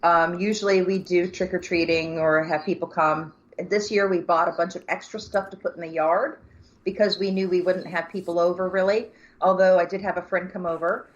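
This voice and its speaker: A woman co-hosting a casual podcast chat, talking bluntly and calmly. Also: on the low side, normal speed, lo-fi sound. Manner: blunt and calming. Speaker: podcast co-host.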